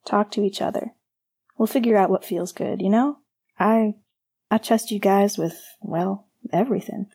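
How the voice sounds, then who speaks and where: A woman reading out a gentle young man in a story, soft and a little hesitant. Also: medium pitch, normal speed, gravelly, husky. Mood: reassuring.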